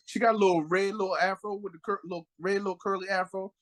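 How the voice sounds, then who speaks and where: A man's voice: high voice, quick pace. A man co-hosting a casual podcast chat, telling stories animatedly and acting out the people he quotes. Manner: animated storyteller, acts out quotes in raised voices. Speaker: podcast co-host.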